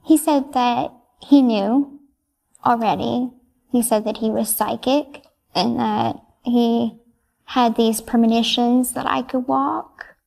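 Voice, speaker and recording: Soft-spoken hesitant young woman, gravelly. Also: a little high, steady tone, takes it slowly. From United States. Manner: soft, hesitant, brief answers with many ums. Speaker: interviewee. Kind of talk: answering interview questions.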